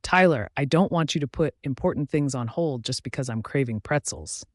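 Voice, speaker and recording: A man voicing a young she-wolf woman, anxious and tender, speaking softly and pleadingly. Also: medium pitch, moderate pace, dry recording, close to an everyday voice. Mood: playful.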